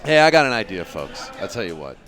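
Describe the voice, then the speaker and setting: A man's voice: fairly low pitch, very animated, fast talker, fairly bright tone, faint music behind. A man giving casual live play-by-play commentary on a pool match, chatting and joking with his viewers.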